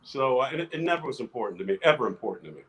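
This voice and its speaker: An older man, an actor guest, telling lively anecdotes in a casual interview, restarting phrases often. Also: mid-range voice, very fast, low-quality recording. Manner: animated anecdotes with many restarts.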